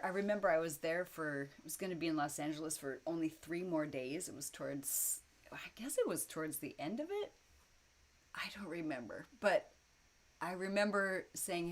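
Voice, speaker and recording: A woman's voice: on the low side, expressive, moderate pace. A woman telling a personal story to camera in a casual, rambling way, with many fillers and frequent laughs. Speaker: vlogger telling personal stories. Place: indoors at home, lit by light bulbs.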